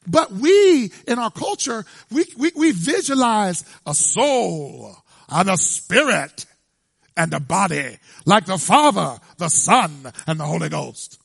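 A male preacher giving an emphatic, animated sermon and quizzing his congregation. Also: high voice, slow pace, gravelly, breathy edge, no room sound, studio quality.

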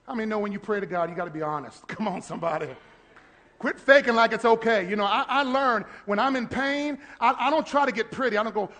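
A male pastor preaching a sermon, acting out prayers and shouting in bursts. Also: high-pitched, fast talker. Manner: animated, shouting and acting out quotes.

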